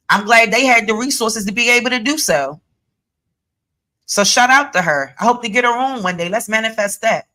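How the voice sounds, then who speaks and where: A woman hosting a reaction commentary, talking to her viewers in a sassy, animated way. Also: on the high side, moderate pace, low-quality recording. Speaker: commentary channel host.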